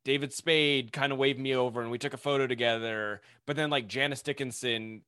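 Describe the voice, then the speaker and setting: Casting: man, podcast guest, bright voice, dry close sound, laid-back storyteller. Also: medium pitch, brisk, smooth, no echo. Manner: relaxed storytelling with filler words. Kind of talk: casual podcast chat.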